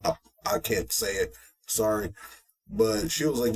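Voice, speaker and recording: Male podcast co-host, relaxed banter, frequent laughter, playful impressions. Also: measured pace, husky. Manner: animated, laughing, jumps into high-pitched character voices. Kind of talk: casual anime recap chat.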